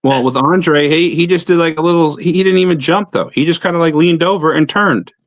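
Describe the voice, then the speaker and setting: A man's voice: on the high side, a little fast, no echo. A man, a pro wrestler guest, telling a blunt, profane story in casual talk.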